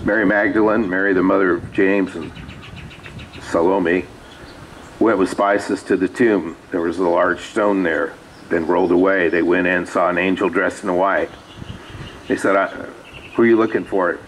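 Man, pastor, very low pitch, conversational sermon, faint background noise. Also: fairly even intonation, normal speed, poor audio. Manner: conversational storytelling with asides. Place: small rural church.

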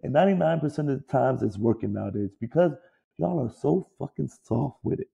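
A man's voice: medium pitch, brisk, gravelly, slightly rough, highs cut off. A man who played pro ball, co-hosting a sports podcast, talking casually with a lot of swearing. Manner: profane, animated, mocks players in put-on whiny voices. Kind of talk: casual sports opinion talk.

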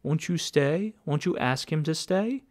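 A man's voice: fairly high pitch, animated, a little slow, a little mellow, pitched above the performer's own voice. A man reading an audiobook voices a flirtatious Italian restaurant woman who speaks in broken English. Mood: coaxing.

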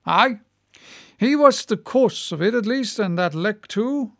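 A man's voice: high-pitched, lively intonation, measured pace, vocal fry, fairly bright tone, no room sound, studio quality, exaggerated voice. A man voicing a good-humoured one-armed captain. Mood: storytelling. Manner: chatty, good-humoured yarn-spinning. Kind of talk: audiobook character reading.

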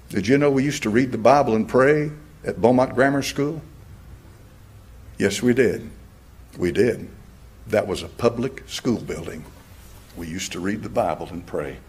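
A male pastor preaching a sermon, swinging between loud passages and hushed, near-whispered lines. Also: lowish voice, a little hiss or hum.

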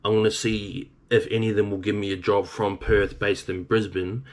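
A man's voice: fairly low pitch, little pitch movement, moderate pace. A man in his thirties with an Australian accent, a truck driver casually telling a story in a blunt, rambling way with some swearing.

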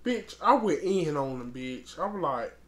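Slow-talking blunt woman vlogger. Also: sits low, animated. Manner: blunt and profane, calls the listener girl; rambling with many restarts. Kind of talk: casual storytime vlog.

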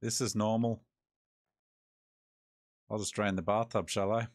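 A man's voice: lowish voice, takes it slowly, long pauses, dry recording, studio quality. An Australian man giving laid-back, joking commentary while playing a horror game, talking to himself as he goes. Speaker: gaming host. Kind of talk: let's-play commentary.

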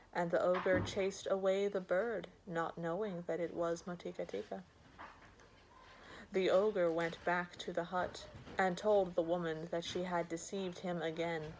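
A woman reading a fairy tale aloud as a bedtime story, gentle and unhurried. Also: lowish voice, slight background noise, rough recording.

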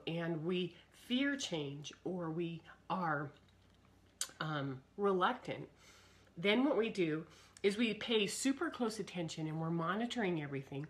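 A middle-aged woman with a slightly low voice speaks live to her viewers. She is earnest and searching, and she repeats her key words as she goes. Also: animated, measured pace. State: coughing fits, throat trouble. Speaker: speaker on personal growth. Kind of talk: live broadcast talk to viewers.

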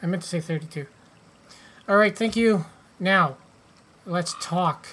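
A man's voice: sits high, unhurried, a bit bright. A man hosting a casual let's-play, joking, swearing and reading game text aloud. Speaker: gaming channel host.

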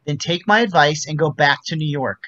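A man's voice: on the high side, a little fast, sharp tone, muffled recording. A man reading a stiff, exasperated male psychiatrist who speaks in a firm, clipped, controlled way, over a video call. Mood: stern.

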